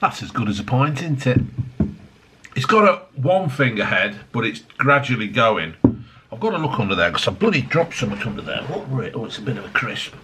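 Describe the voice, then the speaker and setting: A man's voice: medium pitch, big pitch swings, fairly quick, background noise. A middle-aged man, rambling and swearing at his desk while reviewing drinks. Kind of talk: casual review vlog. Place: home desk.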